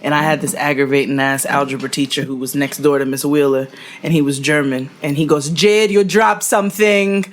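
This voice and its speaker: A woman co-hosting a podcast, teasing and telling stories in an animated way. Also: very deep voice, fast, slight background noise. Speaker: podcast co-host. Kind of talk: casual chat.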